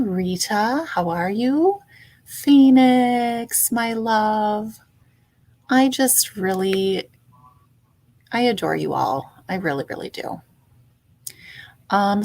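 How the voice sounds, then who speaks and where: A woman hosting a casual livestream, greeting chat viewers by name in a chatty, playful way. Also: medium pitch. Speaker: livestream host.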